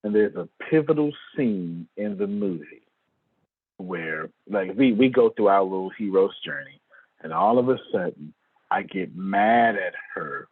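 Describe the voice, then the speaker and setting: A man speaking to an audience, telling a story in a lively way, calling on listeners by name and acting out what people said. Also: sits low, a little slow, husky, no echo. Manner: lively, calls on listeners by name, acts out quoted lines. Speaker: motivational speaker. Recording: tinny phone-like sound.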